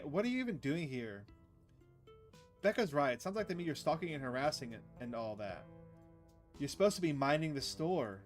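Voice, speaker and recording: A man's voice: medium pitch, very animated, brisk, faint music behind. A man streaming a visual novel, reading the dialogue aloud and joking with his chat in a playful, casual way. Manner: playful, jokey asides to chat. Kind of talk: casual let's-play narration with character reading.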